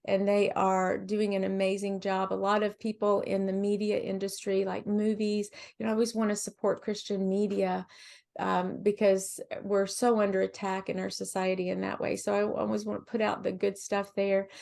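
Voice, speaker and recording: A woman guest on a faith podcast, talking in a gentle, encouraging way with frequent restarts. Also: mid-range voice, level tone, normal speed, gravelly. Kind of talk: faith-based podcast conversation.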